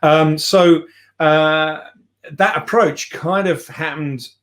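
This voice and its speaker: A man's voice: on the high side, steady tone, takes it slowly, fairly bright tone. Middle-aged man, podcast guest on a remote call, loose rambling delivery with self-deprecating asides. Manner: rambling, self-deprecating, frequent restarts and fillers. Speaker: podcast guest, software CEO. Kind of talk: casual podcast chat.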